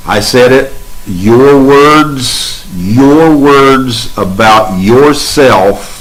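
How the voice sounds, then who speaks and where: Man, spiritual exhortation, drawn-out unhurried delivery, rhythmic repeated lists, mid-pitched voice. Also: a bit bright, low-quality recording. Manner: slow, emphatic, repeats affirmations in rhythmic lists. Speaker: speaker in a spiritual sharing session.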